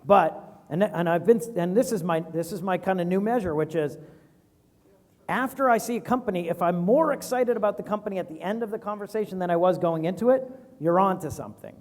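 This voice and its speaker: An animated man in his forties talks casually about investing and acts out little quoted exchanges. His voice sits high, and it rings in a big echoey hall. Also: brisk. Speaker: venture capitalist guest. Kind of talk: animated fireside chat.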